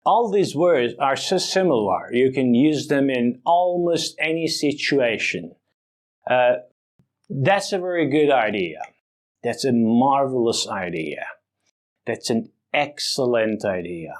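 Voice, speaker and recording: A man teaching an English vocabulary lesson, speaking deliberately and exaggerating the stress on words for emphasis. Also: mid-range voice, expressive.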